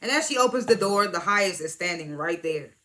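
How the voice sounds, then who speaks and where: Casual TV recap, bright voice, retells scenes as quoted dialogue, swears freely, chuckles. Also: mid-range voice, lively intonation, a little fast. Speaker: TV episode reviewer.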